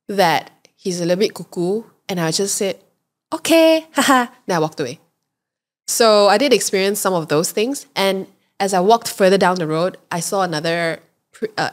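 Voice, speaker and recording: Malaysian woman, podcast co-host, casual and animated storyteller. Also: mid-range voice. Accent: Malaysian English. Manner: lively storyteller who acts out quoted voices.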